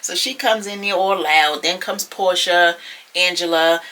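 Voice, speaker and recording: A sassy, gossipy woman recaps a reality episode to her viewers. Her voice sits low but rings bright and sharp. She talks in a loose, chatty way, full of "you know" and "y'all.". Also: measured pace, rough recording. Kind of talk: casual recap commentary.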